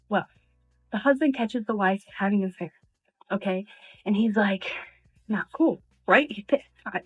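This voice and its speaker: A woman's voice: on the high side, dry recording. Chatty woman telling a story, tinny sound. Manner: chatty, acts out the people in her story. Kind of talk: casual storytelling on social media. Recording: tinny phone-like clip audio.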